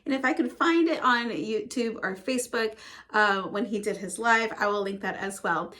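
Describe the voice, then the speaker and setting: A woman's voice: medium pitch, normal speed, fairly bright tone. A woman music teacher explaining classroom methods to fellow teachers in a conversational, upbeat way. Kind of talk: educational talk to fellow teachers.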